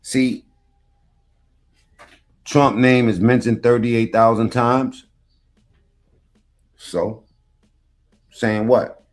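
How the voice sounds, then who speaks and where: A man's voice: mid-range voice, fairly even intonation, drawn-out words, pauses often. A man hosting a casual podcast, reacting to a clip in loose, slangy, profane talk.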